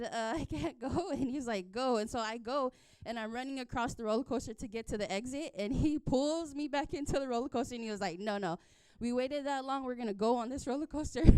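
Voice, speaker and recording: Young woman giving a church testimony, very smooth clear tone, dry close sound, lots of ums. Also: medium pitch, a little mellow, no room sound. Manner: storytelling with many fillers and laughs. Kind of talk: personal testimony at a church service.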